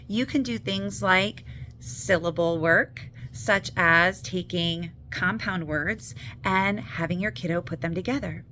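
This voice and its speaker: A woman's voice: on the low side, takes it slowly, sharp tone, slight background noise. A woman reading teacher giving an upbeat, encouraging talk to parents about reading. She leans on key words as she explains.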